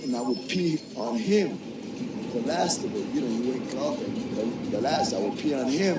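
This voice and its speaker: A man's voice: mid-range voice, expressive, moderate pace, heavy background noise. Middle-aged man telling a blunt, profane story. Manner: candid, profane, darkly humorous. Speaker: interviewee. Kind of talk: personal storytelling for a documentary. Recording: roomy, from a distance, faint music.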